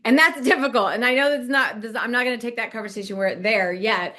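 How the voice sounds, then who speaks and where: A woman's voice: a little high, a little fast. A middle-aged woman from Nebraska, co-hosting a podcast and telling a story casually, acting out quoted lines and laughing often. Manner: animated, laughs often, acts out quoted dialogue. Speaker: podcast co-host, business coach.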